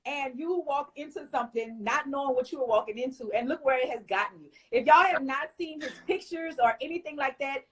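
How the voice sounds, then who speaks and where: A woman's voice: high-pitched, a little fast, few pauses, rough recording. A woman hosting a talk show who asks interview questions and praises her guest encouragingly.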